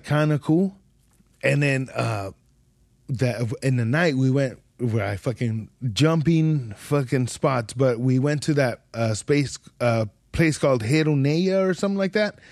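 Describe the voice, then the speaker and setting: A man's voice: medium pitch, no room sound, studio quality. A young man, hosting a podcast and telling a rambling, slangy, profane travel story in casual chat. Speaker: podcast host.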